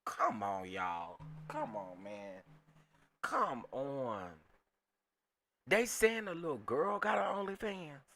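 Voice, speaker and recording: A man's voice: a little high, very animated, measured pace, few pauses, fairly bright tone. A man hosting a casual reaction commentary, talking emphatically to his viewers and repeating phrases. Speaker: commentary channel host.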